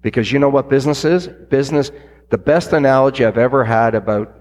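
Man, business owner, lively storyteller, middle pitch, long reverb around the voice. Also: fast talker. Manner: animated, acts out quoted voices. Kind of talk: storytelling interview talk. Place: stage event.

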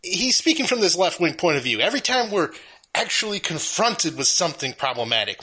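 A man's voice: high voice, very animated, brisk, pushed and bright, breathy edge. A man picking apart a film in casual chat, sarcastic and profane. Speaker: film reviewer.

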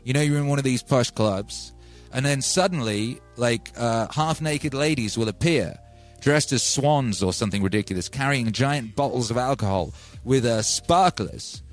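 A man from England hosting a livestream, telling stories in a rambling, animated way with many asides. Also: mid-range voice, moderate pace, faint music behind. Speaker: livestream host and music producer. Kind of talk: casual storytelling on a stream.

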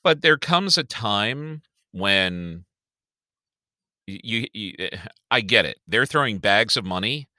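A middle-aged man co-hosting a casual podcast, with a bright, forceful voice that swings widely in pitch. He talks in an animated way and swears freely. The recording is close and dry. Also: slow pace, dry recording. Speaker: podcast co-host. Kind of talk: casual chat.

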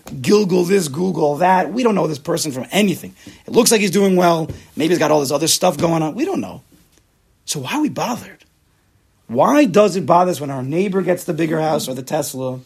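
A man teaching a Torah class to a room of listeners, animated and acting out people's inner voices, with Hebrew terms mixed in. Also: a little high, gravelly, breathy edge. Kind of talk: classroom lecture with student questions.

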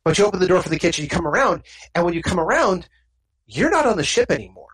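A game master narrates a tabletop game in loose, rambling sentences, often restarting mid-thought. The voice is husky and sits at a middle pitch. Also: very animated, fast talker, a bit bright.

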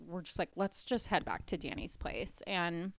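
A young woman co-hosting a podcast, telling a long story in a casual, animated way. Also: fairly low pitch, moderate pace, dry recording. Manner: animated storyteller, puts on a mock British accent for quoted lines. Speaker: podcast co-host.

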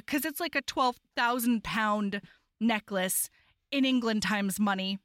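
A woman co-hosting a podcast with a bright, forceful voice that sits a little high. She retells a romance novel with lively energy and swings her voice up for the characters' lines. The recording is dry and close to the mic. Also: moderate pace, no echo. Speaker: podcast co-host. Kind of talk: casual chat recapping a romance novel.

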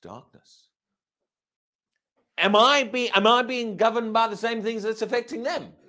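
A man preaching a sermon, reading scripture aloud and putting emphatic questions to his listeners. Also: moderate pace. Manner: emphatic, asks the congregation questions; lively, swinging pitch. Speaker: pastor.

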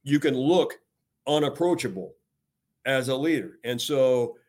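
Energetic older American man, emphatic. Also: medium pitch, a little slow. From United States. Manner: energetic, emphatic, many "you know" fillers. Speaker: retired admiral, guest. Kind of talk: podcast interview. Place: talking remotely from home or office.

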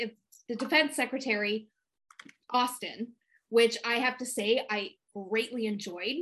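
A woman's voice: fairly high pitch, sharp tone. A woman co-hosting a casual panel podcast, blunt and emphatic, swearing freely as she calls people out. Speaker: podcast co-host.

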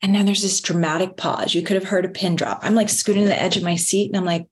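A middle-aged woman telling a personal story in an earnest, motivational way, with lively emphasis. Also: lowish voice, fast talker, few pauses. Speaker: wellness speaker. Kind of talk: motivational talk.

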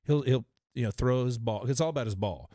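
A man's voice: medium pitch, brisk, warm tone, no echo, clean studio sound. A man in a casual chat, telling a story eagerly and scattering fillers through it.

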